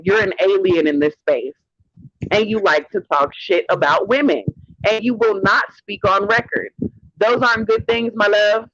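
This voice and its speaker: Sassy high-voiced man ranting on a stream. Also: fairly bright tone, a little hiss or hum. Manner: sassy, profane, calls people honey. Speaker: livestream host. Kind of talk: heated livestream rant. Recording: dull lo-fi stream audio.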